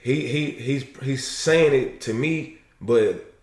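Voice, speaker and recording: A man's voice: mid-range voice, takes it slowly, darkish tone, recorded from a distance. A man explaining his view in casual podcast chat, rambling with many restarts. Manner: rambling, many restarts and "you know what I mean". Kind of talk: casual discussion. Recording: echoey room.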